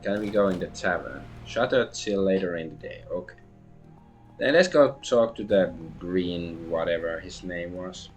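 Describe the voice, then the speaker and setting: A man streaming a story-driven video game in a very deep, low voice, reading the on-screen text aloud and tossing in casual asides as he plays. He trips over longer words now and then, and quiet game music plays underneath. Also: normal speed.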